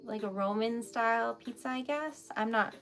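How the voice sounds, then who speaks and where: A woman's voice: fairly high pitch, normal speed, fairly bright tone, faint music behind. Giggly, rambling woman livestream host. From New England. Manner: giggly, emotional, rambling with fillers. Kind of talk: casual chat with live viewers.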